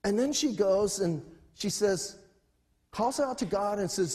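A middle-aged male pastor preaching a sermon in an animated, conversational way with humor. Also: high voice, a little slow, long reverb tail.

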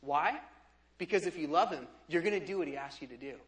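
High-voiced, animated young male pastor. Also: brisk. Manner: animated, joking storyteller, swings between loud and quiet asides. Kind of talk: sermon. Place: church sanctuary. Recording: echoey church hall.

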